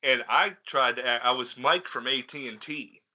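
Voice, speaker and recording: Bright-voiced guy, rambling. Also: medium pitch, moderate pace, dull audio. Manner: rambling, profane, laughs at his own stories. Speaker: podcast co-host. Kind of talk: casual storytelling chat.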